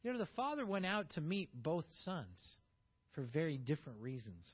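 A man with a high voice delivers a sermon, swinging from emphatic, rising peaks to quiet asides. The recording sounds a bit dull and muffled. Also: very animated, moderate pace, husky. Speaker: pastor.

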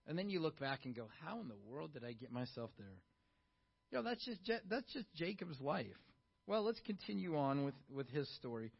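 A middle-aged pastor with a high voice preaches a sermon in an easy, conversational way. He keeps asking the congregation questions and swings between quiet asides and lively bursts. The sound is a little dull and lo-fi. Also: moderate pace, creaky, breathy edge.

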